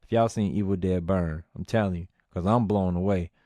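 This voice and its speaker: A man giving a casual movie review, telling the story in a lively, slangy, profane way. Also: low voice, brisk, no room sound.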